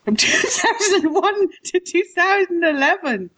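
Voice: very high voice, very animated, measured pace, pushed and bright. A podcast co-host, chatting casually, laughing often and riffing sarcastically. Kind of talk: casual comedic chat.

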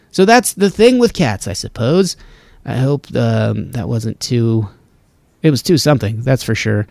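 A man's voice: medium pitch, expressive, measured pace, creaky, darkish tone, dry recording. A man hosting a solo podcast from his home studio, rambling casually and breaking off his own sentences. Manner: casual, rambling, self-interrupting. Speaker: podcast host.

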